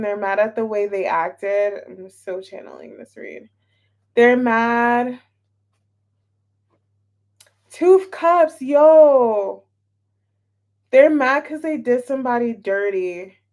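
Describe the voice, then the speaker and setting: A woman reads tarot in a loose, chatty way, her voice sitting a touch high. She takes her time and drifts between thoughts, often saying the same line twice. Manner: chatty and scattered, repeats herself, greets chat viewers. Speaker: tarot reader. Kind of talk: casual live tarot reading.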